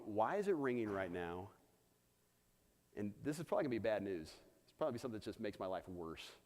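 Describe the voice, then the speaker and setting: A man preaching a sermon to his church, telling a personal story and challenging the room. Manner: personal storytelling, animated pitch. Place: church hall. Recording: long hall reverb.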